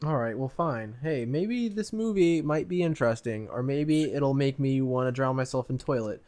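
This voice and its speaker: Lively joking podcast co-host, a man. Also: mid-range voice, moderate pace. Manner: joking, laughs often. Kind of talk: casual chat.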